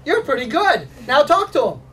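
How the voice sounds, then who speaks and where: Man, high-voiced presenter teasing schoolkids, laughs a lot; distant mic. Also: huge pitch swings, moderate pace, a bit bright, a little hiss or hum. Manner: teasing, jokey, laughs often. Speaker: museum presenter. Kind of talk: playful classroom demonstration for children. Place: school room with children.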